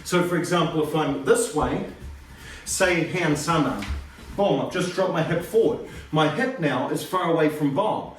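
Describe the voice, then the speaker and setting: Male karate instructor, slightly higher voice, informal lesson with sharp counted reps; distant phone mic, very echoey room, faint background noise. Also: a little slow. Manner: explains then counts reps aloud in sharp calls. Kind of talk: informal martial arts lesson. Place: home training room. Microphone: phone camera across the room.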